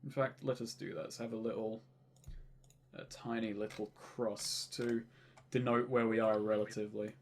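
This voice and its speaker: A man running a tabletop role-playing game as game master, explaining rules and narrating scenes in a casual, relaxed way. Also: lowish voice, moderate pace.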